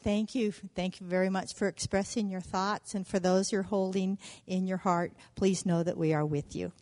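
A woman leading worship, gently inviting the children forward for the story. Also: mid-range voice, fairly even intonation, moderate pace, long reverb tail. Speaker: worship leader. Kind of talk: church service announcement.

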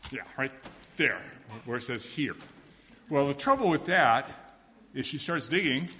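A man telling a story to children in a service, lively and asking them questions. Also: medium pitch, measured pace, a little hiss or hum. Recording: echoey hall with long reverb.

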